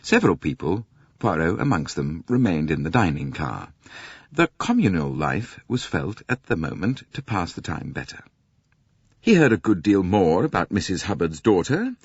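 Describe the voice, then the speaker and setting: Low, expressive male audiobook narrator. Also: slightly rough, dry recording. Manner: measured, expressive storytelling. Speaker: audiobook reader. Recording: dull, dry lo-fi audiobook recording.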